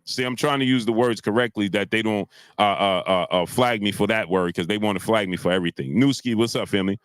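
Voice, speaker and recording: A man hosting a boxing live stream, ranting heatedly with many filler sounds and shouting out chat viewers. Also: on the low side, fast, clear, resonant tone, no echo. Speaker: boxing commentary host.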